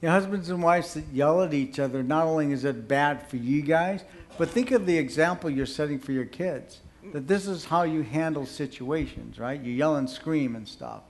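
A man's voice: on the high side, normal speed, hardly any pauses, slight background noise. An older man giving casual marriage advice, emphatic and joking, acting out examples as he talks. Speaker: marriage teacher.

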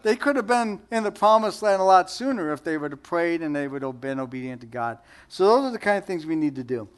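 A man's voice: fairly high pitch, lively intonation, fast, smooth. A middle-aged man preaching a conversational sermon, joking and asking the audience questions. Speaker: pastor.

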